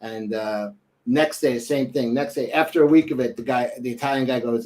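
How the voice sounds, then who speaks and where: A man's voice: medium pitch, moderate pace, darkish tone. Man, co-host, rambling, casual, lots of ums. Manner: rambling, fillers, tells jokes with put-on voices. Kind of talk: casual chat.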